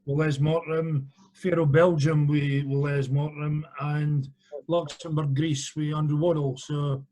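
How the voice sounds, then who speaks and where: A man with a slightly higher voice tells referee stories in an easy, anecdotal way. He chuckles at his own tales and keeps the chat casual. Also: a little mellow, low-quality recording. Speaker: former referee, guest.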